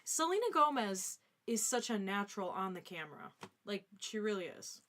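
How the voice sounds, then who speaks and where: A woman's voice: mid-range voice, big pitch swings, normal speed, fairly bright tone, a little hiss or hum. A woman co-hosting a live fan Q&A stream, giving blunt, opinionated answers in a casual way. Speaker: co-host.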